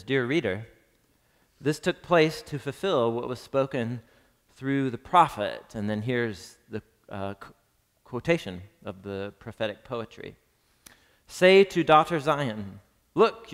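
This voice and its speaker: A man's voice: medium pitch, fairly bright tone. Man teaching scripture in an echoey hall. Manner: conversational, quizzes the audience, reads scripture dramatically. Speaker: Bible teacher. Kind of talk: live teaching to a class. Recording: long reverb of a large hall.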